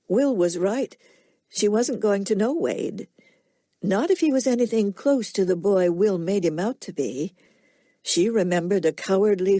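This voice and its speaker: A woman narrating an audiobook in a measured, unhurried storytelling manner. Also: medium pitch, dark tone, no echo, studio quality. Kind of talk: scripted narration.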